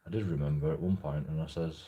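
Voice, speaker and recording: Man, deep husky voice, halting sweary vlog rant. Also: fairly even intonation, dark tone, dull audio. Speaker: vlogger. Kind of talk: casual storytelling monologue.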